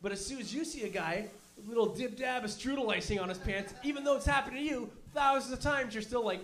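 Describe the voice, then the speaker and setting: High-voiced profane comic. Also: male voice, fast. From Canada. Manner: profane, animated storytelling with mock voices. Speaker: stand-up comedian. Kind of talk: stand-up comedy set.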